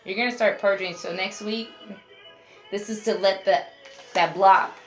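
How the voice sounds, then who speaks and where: A woman with a steady, mid-range voice gives a casual tarot reading at an unhurried pace, chatting directly to her viewers as a group. The recording has a roomy echo with faint music behind.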